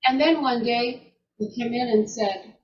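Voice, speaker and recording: A woman storyteller retelling a folktale in an unhurried way, repeating words and restarting phrases as she goes. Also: on the high side. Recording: roomy, distant, dull lo-fi sound.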